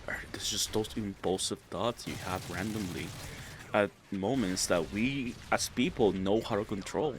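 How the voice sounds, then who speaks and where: A man's voice: lowish voice, moderate pace, noisy background. A young man giving casual advice in a rambling, profane way, often stammering and restarting. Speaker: vlogger.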